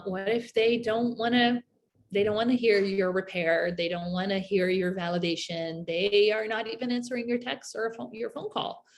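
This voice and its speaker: A woman's voice: fairly low pitch, gravelly. A woman presenting a workshop lecture, talking loosely with many fillers and checking in with "right?". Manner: filler-heavy, tags points with "right?"; acts out example phrases in a softer voice. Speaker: workshop presenter on family skills.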